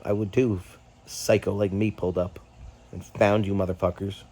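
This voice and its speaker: A middle-aged man talks straight to his vlog audience with a somewhat low voice. He is agitated and profane, halting with fillers as he vents. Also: level tone, a little mellow. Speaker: YouTube host. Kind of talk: candid personal vlog rant.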